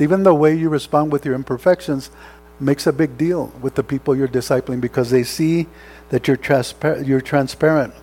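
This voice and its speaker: A man's voice: mid-range voice, steady tone, normal speed, a little mellow. A man preaching a sermon as pastor, earnest and conversational, often checking in with rhetorical questions. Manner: earnest, exhorting.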